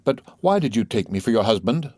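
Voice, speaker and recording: A man's voice: mid-range voice, very animated, a little fast, mellow, no echo. A man voicing a young male poet who is gallant, wordy and pleased with himself, speaking in a theatrical, musing way. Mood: rueful, reasoning.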